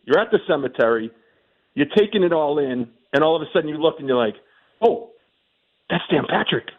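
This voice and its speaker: A man with a Boston accent calling in to a radio show, talking excitedly and rambling. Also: a little high, fast talker. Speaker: caller. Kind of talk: call-in chat. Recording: tinny phone line.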